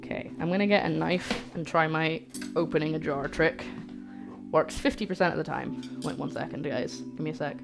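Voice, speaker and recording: A young woman from the UK chatting casually on a cooking livestream, reading out recipe steps and reacting to her chat with excited disbelief, talking into a streaming mic in her home kitchen. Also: deep voice, moderate pace, creaky. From United Kingdom. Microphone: streaming microphone. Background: guitar music.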